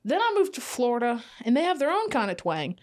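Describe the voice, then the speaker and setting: Animated storytelling woman. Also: on the high side. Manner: animated storyteller, mimics other people's voices; quick, impatient delivery. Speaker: podcast guest. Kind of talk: casual chat. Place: indoor podcast studio.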